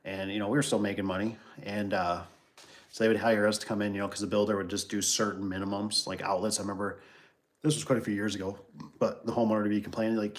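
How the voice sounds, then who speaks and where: A man with a slightly low voice chats casually on a livestream about his garage door trade. He wanders through stories and asides, full of "you know" and "like" and false starts. Now and then he stops to read viewer comments aloud and riff on them. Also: level tone, fast. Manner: rambling, loose, with many fillers and restarts. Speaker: garage door business owner hosting a livestream. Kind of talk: casual livestream chat and storytelling.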